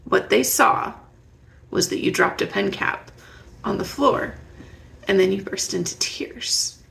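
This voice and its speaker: A woman with a strongly gravelly, creaky voice gives parenting advice straight to her viewers. She talks in a conversational way, often stopping to ask them reflective questions. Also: fairly high pitch. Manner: warm, conversational, asks the listener reflective questions. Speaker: parenting educator. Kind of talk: direct-to-camera advice talk.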